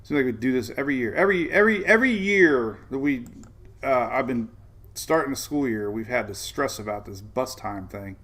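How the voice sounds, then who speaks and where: A man's voice: mid-range voice, expressive, brisk, fairly bright tone. A man hosting a casual live weather show, chatting and rambling as he walks through radar maps and reads viewer comments. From Florida, United States. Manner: rambling, chatty, vents then jokes.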